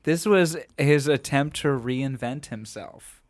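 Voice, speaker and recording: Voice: medium pitch, slow pace, no room sound, studio quality. A podcast co-host reading film trivia aloud in a playful, mock-dramatic way, between bits of casual chat.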